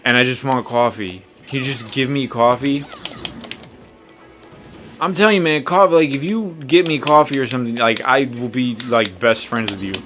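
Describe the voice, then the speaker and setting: A young man in his twenties rambles through a story in a relaxed, casual way. He swears freely, pokes fun at himself and drifts off topic while playing a game. His voice sits at an ordinary middle pitch. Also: normal speed, soft background music. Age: 20s. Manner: rambling, profane, self-mocking. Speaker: podcast host.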